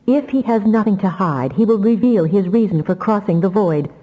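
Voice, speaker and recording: A woman's voice: medium pitch, expressive, moderate pace, big-room sound, dull audio, pitched above the performer's own voice, close to an everyday voice. A woman voicing a grim, implacable male telepath mind, insistent and urgent.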